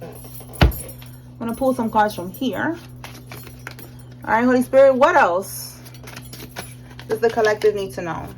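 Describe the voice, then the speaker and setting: A young woman with a high voice talks through a tarot reading in a loose, slangy way. She keeps checking in with "all right?" and laughs often as she goes. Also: slow, long pauses, a little hiss or hum, low-quality recording. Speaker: tarot reader. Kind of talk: casual tarot reading monologue.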